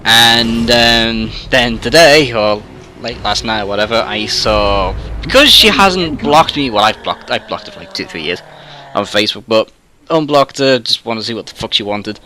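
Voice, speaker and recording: Young english dude ranting on his gaming channel, bright edgy voice, lots of ums and swearing, just kinda rambles. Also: mid-range voice, animated, moderate pace, a little hiss or hum. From England. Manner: rambling and sweary, full of ums and trailing asides. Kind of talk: ranting monologue.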